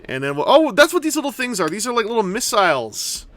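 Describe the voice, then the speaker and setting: A man's voice: high voice, big pitch swings, fast talker, a bit bright. A man giving casual, rambling commentary while building and unboxing a collectible toy, with jokey asides. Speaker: toy reviewer.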